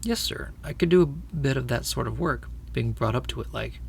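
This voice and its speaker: A man's voice: mid-range voice, lively intonation, normal speed, creaky, darkish tone, slight background noise. A man voicing a humble, earnest London cabby with a Cockney accent, deferential and plain-spoken. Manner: plain-spoken, deferential, homely turns of phrase. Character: humble middle-aged male London cabby, shy and earnest.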